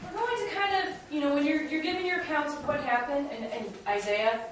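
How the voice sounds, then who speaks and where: A woman's voice: high-pitched, brisk, hardly any pauses. A woman teacher giving instructions to her class and directing students through a role-play. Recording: very echoey, distant and noisy classroom recording.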